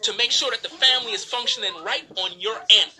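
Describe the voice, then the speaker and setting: A man's voice: very high voice, fairly quick, pushed and bright. A man preaching a profane, emphatic livestream sermon to women, scolding and mocking them. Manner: preachy, profane, emphatic, mocks others in quoted voices.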